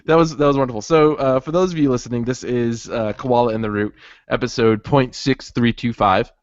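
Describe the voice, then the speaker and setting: A man's voice: medium pitch, fairly even intonation, no room sound. A man co-hosting a podcast in casual chat, laughing easily and restarting his sentences often. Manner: chatty, laughs easily, halting with many restarts. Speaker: podcast co-host. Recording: dull lo-fi audio.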